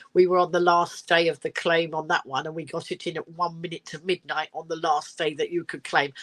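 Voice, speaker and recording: Older woman from england, rambling live-stream chat, low-ish voice, giggly, phone camera. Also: a bit bright. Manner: rambling, giggly, reads viewer comments aloud. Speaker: livestream host.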